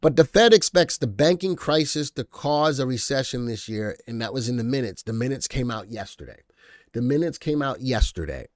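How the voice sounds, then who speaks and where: A man's voice: mid-range voice, lively intonation, normal speed, no echo. Chatty man hosting a live market stream. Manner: chatty, reads headlines then riffs, addresses chat viewers by name. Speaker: livestream market show host. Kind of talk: casual live market commentary.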